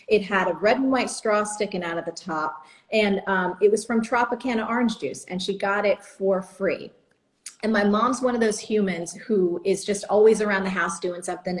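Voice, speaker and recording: Woman from New Jersey, guest storyteller, animated, acts out quotes, video call. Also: medium pitch, rough recording. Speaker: guest entrepreneur. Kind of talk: storytelling in a live video chat.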